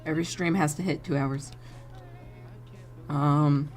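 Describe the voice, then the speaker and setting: A woman's voice: sits low, steady tone, a little slow, a little mellow, faint music behind. A young woman streaming from home, chatting casually while she draws, swearing and laughing as she tells stories and plays the people in them. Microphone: desk mic.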